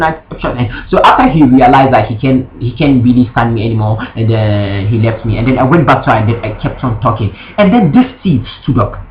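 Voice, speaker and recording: A young man telling a story from his school days in an animated, profane, indignant way. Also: mid-range voice, a little fast, few pauses, faint music behind. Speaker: vlogger. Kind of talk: storytime rant. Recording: dull lo-fi recording.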